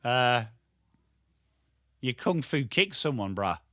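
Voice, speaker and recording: A man with a strong Yorkshire accent giving live football watchalong commentary, excitable and sweary, chatting to viewers by name. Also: mid-range voice, slow, no room sound, clean studio sound. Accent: Yorkshire English. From Yorkshire, England. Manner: excitable, sweary banter addressed to chat viewers. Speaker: watchalong streamer.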